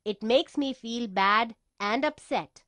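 A woman voicing a young schoolboy from a children's storybook, his voice set fairly high. He is hurt and quiet at first, then grows firm as he stands up for himself. It is read close to the mic with no room sound. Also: takes it slowly, dry recording. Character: upset young schoolboy with curly hair.

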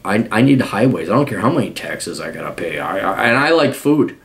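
A man's voice: fairly low pitch, big pitch swings, brisk, vocal fry. Blunt, profane man. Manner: blunt and profane, rambling with restarts. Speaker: podcast host giving advice. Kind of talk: casual advice monologue.

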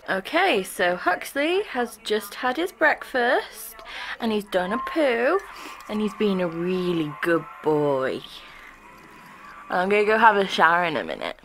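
A woman's voice: mid-range voice, very animated, measured pace, fairly bright tone. A young woman vlogging casually at home, cooing affectionately at her puppy. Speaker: vlogger and dog owner. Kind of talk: casual home vlog chat. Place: at home indoors.

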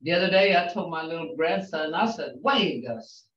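An older woman teaching a language class, slowly sounding out syllables and words and repeating them patiently for her students. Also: deep voice. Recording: roomy, distant, dull lo-fi sound.

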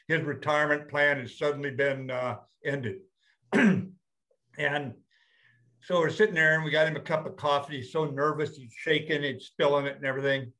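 An older man, a retired general, telling a story to an audience in a plain-spoken, blunt way and slowing down to stress his points. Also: medium pitch, a bit bright. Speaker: retired general, guest speaker.

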